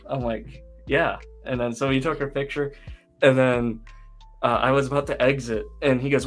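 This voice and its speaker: A man's voice: medium pitch, fairly even intonation, normal speed, soft background music. A man co-hosting a casual online chat show, telling a long story with lots of fillers. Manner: rambling storyteller, many fillers. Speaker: podcast co-host.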